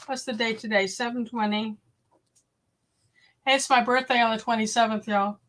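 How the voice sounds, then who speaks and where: A woman's voice: fairly high pitch, fairly even intonation, normal speed, fairly bright tone. A woman hosting a casual livestream, chatting directly with her viewers. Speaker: homestead livestream host. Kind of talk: casual live-stream chat.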